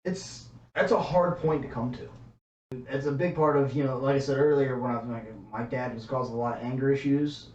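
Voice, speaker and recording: A man's voice: mid-range voice, steady tone, fairly quick, a little mellow. Man chiming in, dull and distant. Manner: brief interjections, chimes in. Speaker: podcast co-host. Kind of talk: casual podcast chat. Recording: dull echoey audio, distant mic, faint noise.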